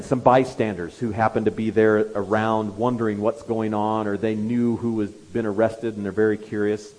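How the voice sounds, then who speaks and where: A man's voice: mid-range voice, a little mellow, rough recording. A man preaching an expository sermon, telling the story with animation and acting out the quoted lines.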